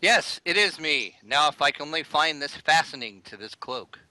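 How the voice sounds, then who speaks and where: A man voicing a clumsy vampire lady, lively, very bright. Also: fairly high pitch, moderate pace, no echo, rough recording. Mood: fussy.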